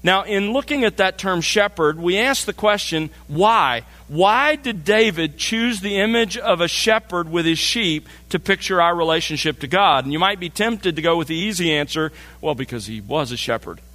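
Man preaching a measured sermon in a reverberant hall. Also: high-pitched, bright, forceful tone. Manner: measured, slows for emphasis on key phrases. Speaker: pastor. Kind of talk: expository sermon.

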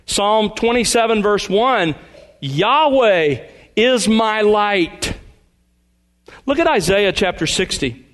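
Man, pastor, sermon, higher voice, earnest scripture reading. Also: lively intonation, takes it slowly, pauses often, a bit bright. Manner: earnest preaching, reading scripture aloud with emphasis.

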